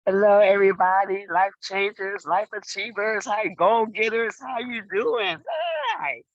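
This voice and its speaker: A woman's voice: mid-range voice, steady tone, a little slow, no echo, lo-fi sound. A middle-aged woman on a video call giving an exuberant testimonial, repeating phrases for emphasis like a preacher. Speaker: client sharing her story.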